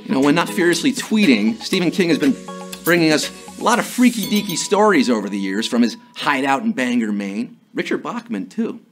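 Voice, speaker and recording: A man's voice: mid-range voice, animated, a little fast, soft background music. A man hosting a live trivia game show, with jokey, hyped-up patter.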